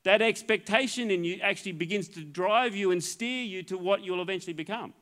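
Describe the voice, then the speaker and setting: Middle-aged Australian male preacher with a high-pitched voice; earnest, stop-start sermon delivery. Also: brisk, a bit bright. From Queensland, Australia. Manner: earnest, repeats words and restarts phrases. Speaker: pastor.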